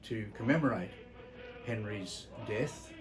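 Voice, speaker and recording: A man's voice: fairly low pitch, slow pace, low-quality recording. An older Australian man giving a memorial tribute, telling family stories in a blunt, salty, reflective way with frequent hesitations. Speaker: entertainer presenting a memorial tribute.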